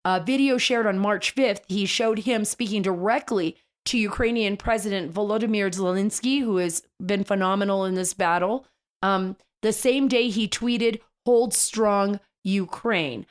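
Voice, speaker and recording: A woman's voice: mid-range voice, normal speed. A woman hosting a political talk show, speaking in an enthusiastic, chatty way with frequent restarts. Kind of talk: casual political radio commentary.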